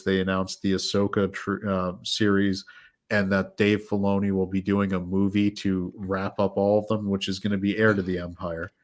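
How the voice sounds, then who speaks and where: A man hosting a casual podcast chat, rambling and sarcastic, laughing often as he talks. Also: low voice. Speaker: podcast host.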